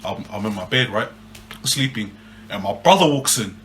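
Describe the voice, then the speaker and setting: A man's voice: on the low side, moderate pace, a little hiss or hum. A young man, casually telling a story on a podcast, swearing often and ending phrases with "eh". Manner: swears a lot, animated, ends phrases with "eh". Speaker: podcast co-host.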